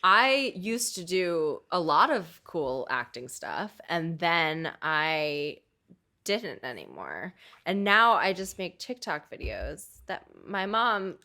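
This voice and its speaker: A woman's voice: fairly low pitch, very animated, slow pace, pushed and bright. A woman hosting a podcast, chatty and self-deprecating, laughing often. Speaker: podcast host. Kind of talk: casual chat.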